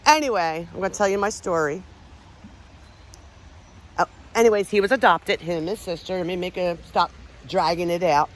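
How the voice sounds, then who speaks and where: A woman's voice: on the low side, moderate pace, pauses often. Woman rambling on a trail vlog, chatty, keeps getting sidetracked, swears a bit. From Pennsylvania, USA. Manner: chatty, rambling, easily distracted, swears casually. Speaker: paranormal vlogger. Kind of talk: casual walking vlog. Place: outdoors on a park trail.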